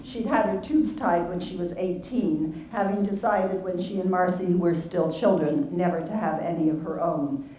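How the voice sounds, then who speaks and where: A woman author reading from her novel in a measured, steady way at a public reading hall. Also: on the low side, a little hiss or hum. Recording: roomy hall from far off.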